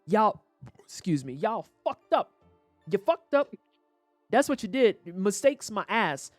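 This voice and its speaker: A woman's voice: mid-range voice, big pitch swings, slow pace, darkish tone, no echo, faint music behind. A woman streaming a game, talking casually and ranting with profanity and quoted voices. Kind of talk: casual livestream commentary.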